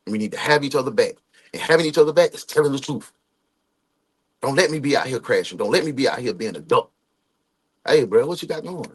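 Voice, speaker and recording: A man in his forties hosts a casual livestream, greeting viewers by name and offering loose, slangy motivational talk in a lowish, slightly rough voice.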